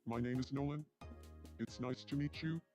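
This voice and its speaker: A synthesized robotic voice for a monotone male game character, heard as quiet game audio. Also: mid-range voice, normal speed, faint music behind. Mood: flat. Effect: game text-to-speech voice.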